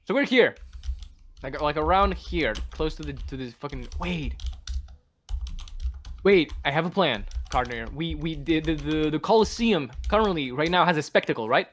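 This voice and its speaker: A man playing a tabletop game online, excitable and quick to laugh. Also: on the high side. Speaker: player.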